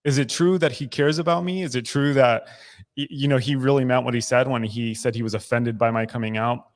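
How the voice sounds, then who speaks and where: Candid man in his thirties, mid-pitched. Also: fairly even intonation, a little fast. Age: 30s. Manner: candid and emotional, with frequent restarts and swearing. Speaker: podcast co-host. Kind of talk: casual recovery podcast talk. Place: recovery club room.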